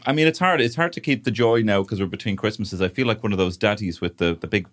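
A man co-hosting a comedy podcast, rambling in casual chat with lots of fillers. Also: lowish voice. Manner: rambling, quick, full of fillers like "kind of". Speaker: podcast co-host.

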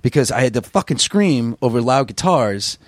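A man who is a musician, telling stories in a casual interview, rambling and profane with a gruff voice. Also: mid-range voice, expressive, normal speed, no room sound, studio quality. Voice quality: gruff singer's voice. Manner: rambling, profane, self-deprecating storyteller. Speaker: musician guest.

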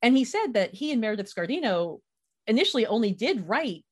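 A woman's voice: on the high side, big pitch swings, fairly quick, slightly rough. A woman host chatting casually and enthusiastically, with frequent laughs. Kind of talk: casual chat.

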